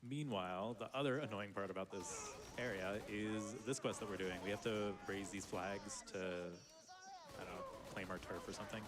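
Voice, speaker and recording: A man's voice: lowish voice, a little fast, hardly any pauses, a crowd in the background. A man giving casual live commentary on his speedrun, explaining as he plays and laughing often.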